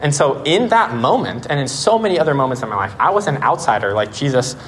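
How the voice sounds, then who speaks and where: A young man in his twenties giving a casual sermon and telling a story in a lively way, with many "like"s. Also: medium pitch, fast, slight background noise. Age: 20s. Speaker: preacher.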